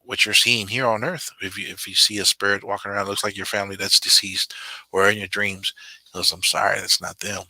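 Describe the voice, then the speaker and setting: A man's voice: lowish voice, little pitch movement, fairly quick, bright, forceful tone, no echo. A man telling a personal story in a casual chat, earnest, with many fillers and restarts. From Samoan. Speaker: channel member guest. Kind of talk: casual video call chat.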